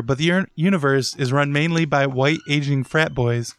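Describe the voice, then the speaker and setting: A man's voice: fairly high pitch, normal speed, clean tone. A man hosting a casual podcast, reading listener posts aloud with dry, teasing humor. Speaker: podcast host.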